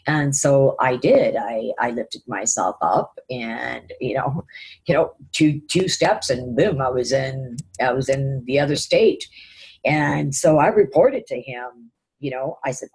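A woman's voice: a bass voice, unhurried, a little mellow, slightly rough, low-quality recording. A woman telling a personal spiritual vision to camera, hesitant and full of fillers and repeated phrases. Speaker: vlogger recounting a spiritual vision. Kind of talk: personal testimony storytelling.

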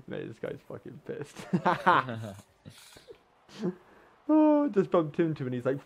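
Gravelly, lively, sweary gamer guy. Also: on the high side, slow pace, pauses often, a little hiss or hum. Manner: sweary, sarcastic banter at teammates; frequent exclamations and laughs. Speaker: gamer commentating his own play. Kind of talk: casual gameplay commentary.

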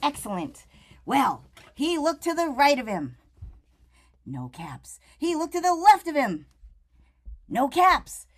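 A woman reading a picture book aloud to children, playful and animated, turning to the kids with questions as she goes. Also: high voice, moderate pace. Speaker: storyteller.

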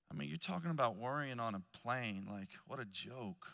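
Lively preacher in a reverberant hall. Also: male voice, normal speed, vocal fry. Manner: storytelling, swings between loud emphasis and hushed low asides. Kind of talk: conference sermon.

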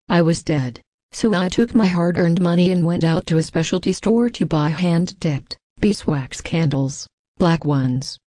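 Woman narrator, scripted story reading, even delivery, dark mellow tone. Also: fairly low pitch, dry recording. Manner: even, reads punctuation marks aloud.

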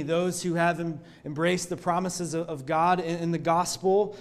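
A male pastor preaching a sermon in a church, telling the story in an earnest, expressive way. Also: on the high side, moderate pace, few pauses.

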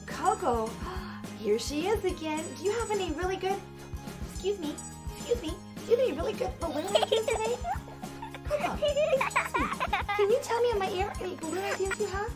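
A woman hosting a children's show, talking excitedly to small children with lots of gasps and a sing-song delivery. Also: very high-pitched, fast talker. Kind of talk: children's program presenting. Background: background music.

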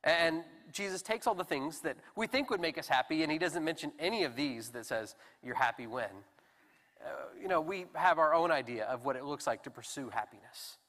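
A man preaching a sermon in a relaxed, conversational and self-deprecating way with animated emphasis. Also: fairly high pitch, a little fast. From United States. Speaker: pastor. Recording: long hall reverb.

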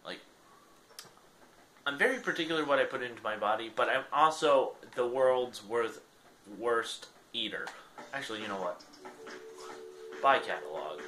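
Young guy rambling over gameplay, self-deprecating, bright voice, faint noise behind. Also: mid-range voice, animated, moderate pace, long pauses. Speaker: gaming channel host. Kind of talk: casual gameplay commentary.

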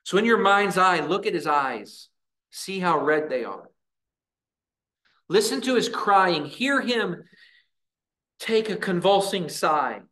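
A man preaching a sermon in a church, earnest, with dramatic pauses and voiced prayers. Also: high-pitched, lively intonation, sharp tone. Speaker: pastor.

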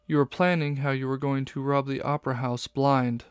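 A man's voice: medium pitch, little pitch movement, normal speed, clear, resonant tone, no room sound, clean studio sound, natural voice. A man voicing a tough female fox police inspector in a storybook, with stern, snapping retorts. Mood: scornful.

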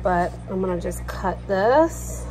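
A woman's voice: medium pitch, lively intonation, slow, noisy background. A woman ranting bluntly and swearing freely while she cooks in her kitchen for a vlog. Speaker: vlogger. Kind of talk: casual rant while cooking. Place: home kitchen.

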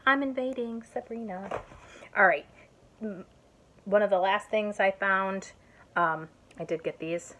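A woman from Indiana chatting through a craft haul vlog, excitable and self-mocking, tired from an early start. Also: medium pitch, a little slow, long pauses, slight background noise. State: tired, up since early morning. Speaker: YouTube vlogger showing a haul. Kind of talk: casual haul vlog chat.

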